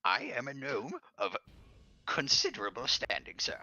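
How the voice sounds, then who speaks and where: A man's voice: mid-range voice, lively intonation, normal speed, pushed and bright, pitched above the performer's own voice. A man playing a huffy old gnome. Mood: indignant. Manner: huffy, pompous, easily offended. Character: indignant elderly male gnome, small and proud.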